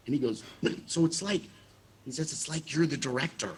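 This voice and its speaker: A man, a former child actor, telling animated stories in a casual interview and acting out the quotes. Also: fairly high pitch, fairly quick, slight background noise. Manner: animated storyteller, acts out quotes with laughs.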